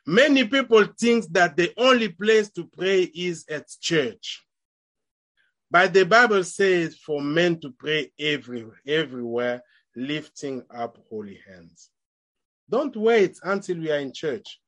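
Male preacher, somewhat high voice, emphatic rising phrases, chatty sermon. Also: a bit bright. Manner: conversational preaching with rising emphatic lines and quick asides.

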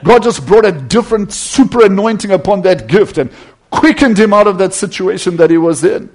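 Husky, high-voiced male preacher. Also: lively intonation, a little fast. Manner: emphatic, rising and falling, dropping to soft tones for quotes. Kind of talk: sermon.

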